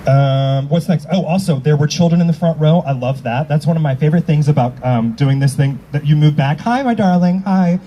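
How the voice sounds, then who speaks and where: A man's voice: a little high, brisk, hardly any pauses, dark tone, dull audio. A man hosting as a drag emcee at an outdoor rally, bantering with the audience in a brash, teasing and profane way. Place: outdoor public square at a rally. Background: faint crowd.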